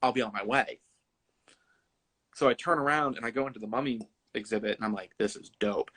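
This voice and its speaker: A man's voice: mid-range voice, fairly quick, a bit bright. A man in his twenties, a podcast guest telling a casual anecdote in a laid-back way and often breaking into laughter. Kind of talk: casual storytelling chat.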